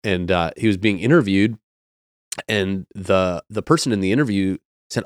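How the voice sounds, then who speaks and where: Deep-voiced man, pastor on a podcast. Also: moderate pace, no echo, studio quality. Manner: earnest and reflective, explaining with everyday metaphors. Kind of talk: casual podcast conversation.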